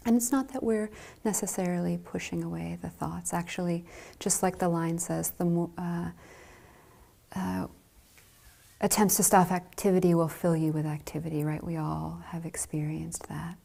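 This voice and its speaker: A woman giving a dharma talk as a Zen teacher, speaking softly and gently with light laughs. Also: lowish voice, steady tone, moderate pace, creaky.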